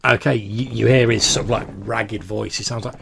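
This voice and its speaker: A man's voice: fairly low pitch, steady tone, moderate pace, vocal fry, noisy background. A man narrating as game master in a casual, descriptive manner, full of filler words.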